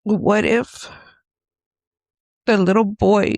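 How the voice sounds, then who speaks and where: A woman podcast host slowly telling a personal, emotional story in a confessional way. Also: mid-range voice, fairly even intonation, darkish tone, no room sound.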